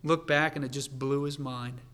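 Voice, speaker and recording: A man preaching a sermon in an earnest way, dropping to a quiet, confiding tone and then building to a fervent pitch. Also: fairly even intonation, moderate pace. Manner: earnest, swings from hushed to fervent.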